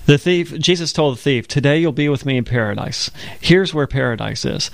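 A man's voice: medium pitch, a little fast, vocal fry, dry recording. A man co-hosting a religious broadcast, telling stories conversationally and explaining scripture step by step. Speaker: co-host of a Bible program.

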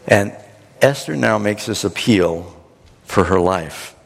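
A man preacher giving a sermon, retelling the story in a dramatic, animated way. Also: on the low side, slow, gravelly. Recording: long hall reverb.

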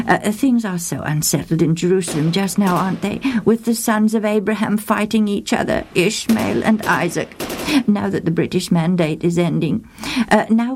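A woman's voice: mid-range voice, a little mellow, close to an everyday voice. A woman voicing a hesitant, polite monk-priest. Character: friendly male monastery priest on the phone. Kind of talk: storybook reading.

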